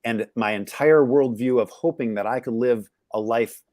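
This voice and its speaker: A man's voice: medium pitch, moderate pace, a little mellow, no echo. Man, middle-aged, interview guest, candid, searching, reflective, dry sound. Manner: candid, searching, many restarts and fillers. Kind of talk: reflective personal storytelling.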